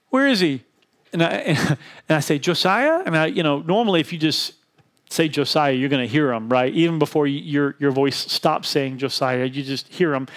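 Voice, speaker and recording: A man in his thirties preaching a sermon as a pastor. He tells stories with energy and acts out the people in them in a raised voice. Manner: animated storytelling, acts out quotes in a higher voice.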